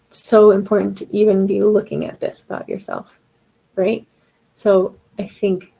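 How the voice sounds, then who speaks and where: A woman's voice: mid-range voice, creaky, warm tone, breathy edge, low-quality recording. A woman giving a casual, encouraging live coaching talk to singers, acting out their inner voices as she goes.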